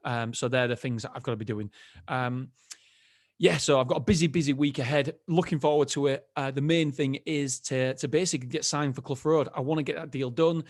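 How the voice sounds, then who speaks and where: A man with a mid-range voice hosts a solo podcast, speaking fairly quickly in a casual, candid way. He rambles, cutting himself off and restarting often. The recording is clean studio sound with no room noise.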